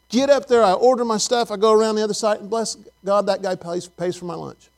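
Man, pastor, high voice, folksy conversational sermon, questions to the congregation, church. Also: steady tone, a little fast, hardly any pauses.

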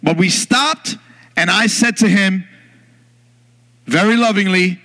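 A man preaching a sermon in church, telling a story with lively acted-out moments. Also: high voice, slow. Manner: animated storyteller, bursts into loud yelling in acted scenes. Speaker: pastor.

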